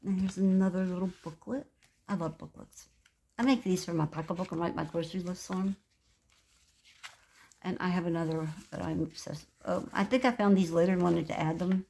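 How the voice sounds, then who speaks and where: A woman's voice: fairly low pitch, fairly quick, vocal fry, darkish tone. Lady in her 60s showing off her craft journal, gushy and rambly, just chatting along. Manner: gushing, chatty, meandering. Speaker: craft vlogger. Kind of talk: casual craft show-and-tell.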